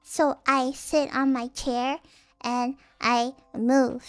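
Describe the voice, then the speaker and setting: A woman's voice: sits high, little pitch movement, takes it slowly, soft background music. A young woman streamer chatting casually, rambling and giggly with many restarts. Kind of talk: casual chat.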